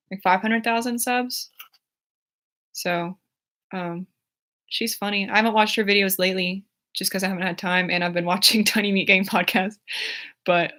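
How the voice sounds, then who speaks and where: A young woman in her twenties, a YouTuber, chats casually from home while reading her livestream chat, rambling with plenty of fillers and giggles as she replies. Her voice is medium-pitched and bright, with a forceful tone.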